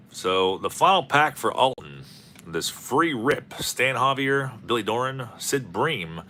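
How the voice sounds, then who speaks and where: A man with a medium-pitched, pushed and bright voice hosts a card-opening channel. He rambles and jokes while opening packs, calling out player names in casual commentary.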